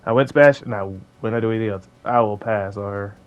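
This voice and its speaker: A man's voice: lowish voice, narrow, tinny audio, a little hiss or hum. Blunt joking man ranting casually. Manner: animated, mocking, swings between fast rants and slow drawn-out emphasis; joking, blunt, laughs at his own lines. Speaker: video creator. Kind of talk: casual commentary rant.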